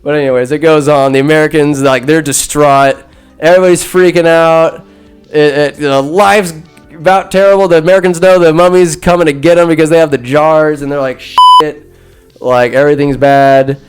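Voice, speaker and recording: A man's voice: on the high side, steady tone, fairly quick, smooth, soft background music. A man hosting a podcast, recapping a movie in a rambling, profane, jokey way. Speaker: podcast host. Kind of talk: casual comedic movie recap.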